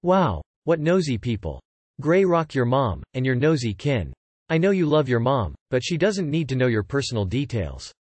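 A man narrating, reading online posts and comments aloud in a steady, matter-of-fact way. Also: medium pitch, normal speed, slightly rough, dry recording.

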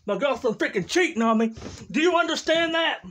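A man doing a furious young man in a comedy skit, shouting his whole rant at a high pitch. He curses through every line. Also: lively intonation, a little fast, slight background noise. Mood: raging. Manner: yelling, cursing rant.

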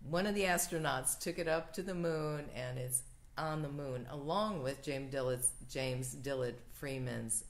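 A woman minister leading a church livestream offering and prayer in a slow, gentle, prayerful cadence. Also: very deep voice.

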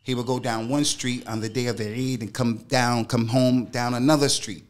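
A man's voice: medium pitch, steady tone, moderate pace. A middle-aged man, an Islamic scholar, speaking as a guest in an interview. He talks emphatically in casual slang and repeats phrases to drive a point home. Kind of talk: interview storytelling.

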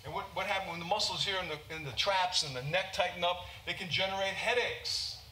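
Speaking quickly in a high, pushed, bright male voice, a U.S. doctor delivers a casual conference talk and keeps asking "okay?". The large hall sounds roomy with faint ambience, plus slight hiss or hum.

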